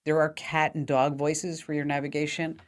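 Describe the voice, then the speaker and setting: A woman's voice: sits low, level tone, moderate pace. A woman hosting a tech call-in radio show, talking in a chatty, upbeat way with plenty of fillers. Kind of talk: casual call-in radio talk.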